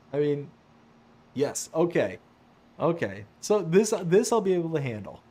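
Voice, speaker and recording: Speaking slowly in a high-ish voice, this man live-streams a farming game and chats casually with his audience. He's animated and laughs frequently as he responds to viewers' messages.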